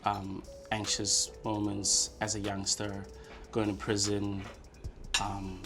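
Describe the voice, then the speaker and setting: A man in a casual group discussion, speaking haltingly and often restarting his sentences. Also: fairly low pitch, monotone. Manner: halting, many fillers and restarts. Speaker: podcast co-host.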